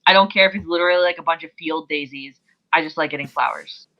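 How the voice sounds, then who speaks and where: A woman's voice: sits low, fast. A married woman in a casual podcast chat, firmly opinionated and laying out her rules. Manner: opinionated, lays down firm stipulations. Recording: muffled lo-fi mic.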